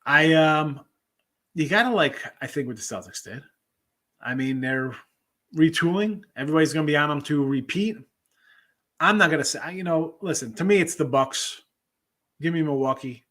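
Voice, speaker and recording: A man hosts a sports betting show, his voice medium in pitch and a little bright. He chats loosely with viewers on a casual livestream, reading their comments and hopping from topic to topic.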